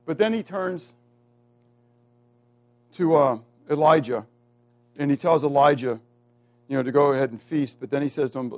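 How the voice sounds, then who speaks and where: A man preaching a sermon who keeps asking the congregation questions and waiting for their answers. He slows down to stress key words and moves between loud, emphatic lines and quiet asides. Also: on the high side.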